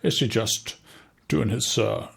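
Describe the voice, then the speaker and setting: A man's voice: mid-range voice, takes it slowly, vocal fry, breathy edge. A man co-hosting a podcast, chatting casually about retro games with playful, joking asides. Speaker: podcast co-host.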